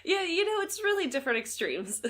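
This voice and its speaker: A woman's voice: medium pitch, a bit bright. A woman co-hosting a casual comedy podcast, giggly and easygoing. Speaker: podcast co-host.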